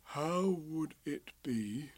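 A man voicing a slow, gentle, dreamy male bear in a storybook, speaking softly and ponderously. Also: on the high side, expressive, no echo, heavily acted.

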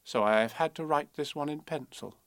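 A man reading children's poems and a storybook aloud in a measured, expressive way. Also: a little high, heavy background noise. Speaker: narrator.

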